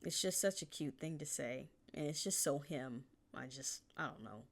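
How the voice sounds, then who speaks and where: A woman's voice: sits low, animated, normal speed, creaky. A woman author casually talking through a chapter she wrote, rambling, laughing often and swearing now and then. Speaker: fan fiction author.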